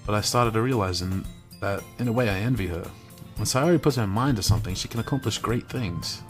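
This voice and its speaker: A man's voice: on the low side, a little fast, soft background music. Young man narrating a visual novel. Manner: wry, deadpan asides and plain narration. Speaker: streamer reading a game aloud.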